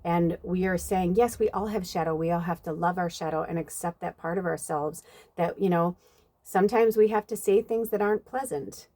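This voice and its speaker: A woman with a lowish, dark voice speaks at a moderate pace outdoors at night. She's a tarot reader giving a casual channeled spiritual reading, chatty and rambling, full of fillers.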